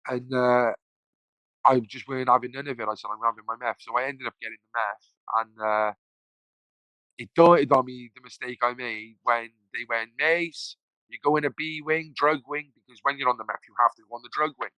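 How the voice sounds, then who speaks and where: Man, podcast guest; bright, forceful voice, dry close sound, loose rambling storytelling with swearing. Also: mid-range voice, fairly even intonation, brisk, no echo, low-quality recording. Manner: rambling, swears freely, acts out quoted voices. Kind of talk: casual storytelling.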